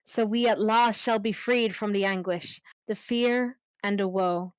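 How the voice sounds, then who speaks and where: A woman's voice: mid-range voice, steady tone, a little slow, clear, resonant tone, dry recording, close to an everyday voice, poor audio. A woman reading the part of a chorus of worshippers, with earnest, chant-like verse in an amateur online play reading. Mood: solemn.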